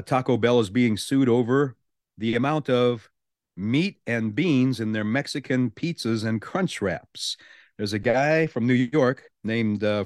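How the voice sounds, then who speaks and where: A man's voice: medium pitch, no echo. A male radio show host, chatting casually on a studio mic and reading out the news with amused asides. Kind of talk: morning radio talk.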